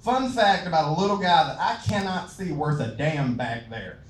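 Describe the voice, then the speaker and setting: A man's voice: fairly high pitch, lively intonation, moderate pace, slight background noise. A young man from Louisiana with a Southern accent doing a crude, self-mocking open-mic stand-up set, laughing at his own jokes. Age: young adult. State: out of breath. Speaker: stand-up comedian. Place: comedy club stage. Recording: echoey club from a distance.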